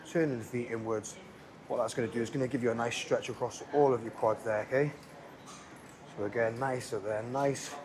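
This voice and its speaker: A man coaching a gym workout in a casual, chatty way, often checking in with the viewer. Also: medium pitch. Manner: chatty, coaching, keeps checking in with "okay, lads?". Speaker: fitness instructor. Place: indoor gym.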